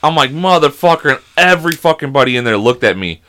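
A young man telling a story in casual chat, animated and swearing constantly. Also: medium pitch, fast. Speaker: podcast co-host.

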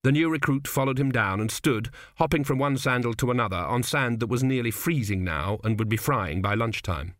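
A man reading an audiobook aloud in a measured, wry storytelling manner. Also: medium pitch, expressive, a bit bright, no echo, clean studio sound. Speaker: audiobook narrator. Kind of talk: scripted narration.

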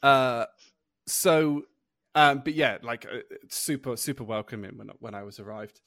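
A young man from the UK chats casually on a podcast, circling his point with fillers and false starts. His voice sits at a middling pitch and is recorded dry and close, with hardly any room sound. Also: unhurried, vocal fry, fairly bright tone, dry recording. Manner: rambling with many fillers and restarts. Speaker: podcast co-host. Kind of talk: casual chat.

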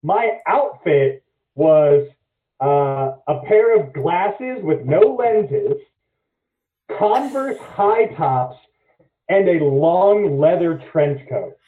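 A man telling a story as a podcast guest in casual chat, animated and swearing freely. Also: a little high, extremely slow. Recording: echoey, phone-like lo-fi audio.

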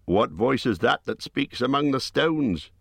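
Guy playing a firm earnest messenger, raised voice, slow-ish. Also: medium pitch, lively intonation, gravelly, no echo, pitched above the performer's own voice. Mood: urgent. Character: tall sure-footed man, urgent messenger.

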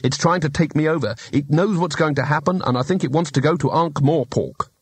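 A man's voice: fairly high pitch, brisk, slightly rough, dry recording. A man voicing a nervous, reluctant male wizard who speaks hesitantly and defensively.

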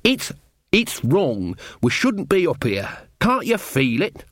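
A man's voice: on the high side, huge pitch swings, takes it slowly, dry recording, studio quality, pitched above the performer's own voice, exaggerated voice. A man voicing a nervous young village blacksmith who pleads anxiously with his friends. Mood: panicked.

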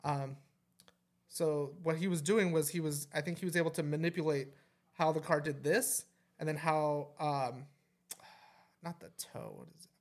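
A man's voice: a little high, fairly even intonation, moderate pace, pauses often. A young man co-hosting a podcast in loose casual chat, rambling, swearing and trailing off as he searches for words. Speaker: podcast co-host.

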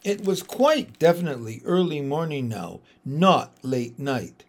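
A man reading a children's storybook aloud, slow and expressive. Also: on the high side. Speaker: audiobook reader. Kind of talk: storybook narration.

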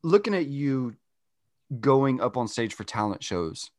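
A man's voice: medium pitch, big pitch swings, unhurried, no room sound, studio quality. A man in his thirties hosting a podcast, talking in a rambling, casual way with frequent swearing and repeated words. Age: 30s. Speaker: podcast host.

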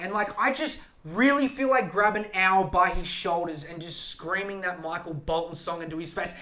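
A man's voice: sits high, moderate pace, few pauses, sharp tone. A man hosting a podcast alone, ranting in a profane, rambling, emphatic way. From Australia. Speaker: podcast host. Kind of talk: solo podcast rant.

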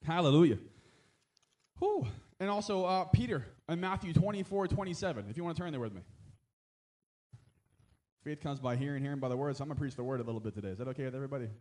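A man's voice: a little high, very fast, a little mellow. A man preaching a sermon as a pastor, talking in a conversational way with frequent amens and asides, and rising to emphatic exhortation.

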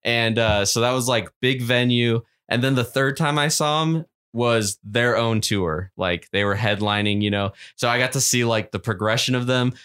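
A man's voice: mid-range voice, normal speed, hardly any pauses, fairly bright tone, smooth. Man telling profane, rambling stories. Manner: profane, rambling storyteller who laughs often. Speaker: podcast co-host. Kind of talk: casual chat.

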